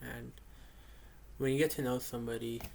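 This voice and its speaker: Young guy talking casually, kind of rambly with lots of likes and uhs, gravelly low-ish voice, faint hiss behind. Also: steady tone, normal speed, darkish tone. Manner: rambling, with many fillers and restarts. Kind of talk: casual spoken reflection. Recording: faint background noise.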